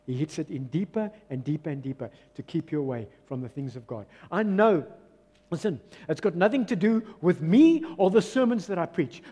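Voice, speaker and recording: A man with a South African English accent preaches with a high voice that keeps swinging from hushed lows to loud peaks. He acts out the voices of doubters and crowds as he goes. His voice rings in the long reverb of a church hall. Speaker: pastor. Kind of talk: sermon.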